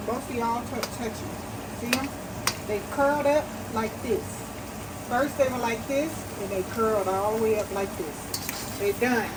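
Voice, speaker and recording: Chatty woman cooking over loud sizzling. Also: a little high, heavy background noise. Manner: chatty, folksy, talks while cooking, laughs often. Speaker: cooking channel host. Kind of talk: casual cooking demonstration. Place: home kitchen at a hot stove. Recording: distant mic with loud frying sizzle.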